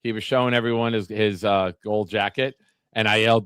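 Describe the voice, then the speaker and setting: A man's voice: on the low side, steady tone, normal speed, a bit bright, clear, resonant tone, dry recording. A man hosting a casual sports talk show, telling brash, joking stories with a lot of swearing. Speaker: podcast host.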